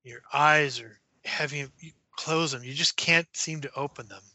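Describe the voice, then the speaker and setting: A man running a tabletop horror game as game master, narrating with halting fillers and dropping to a whisper for eerie moments. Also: on the high side, pushed and bright, dry recording, highs cut off. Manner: halting, many fillers, drops to a whisper for spooky parts.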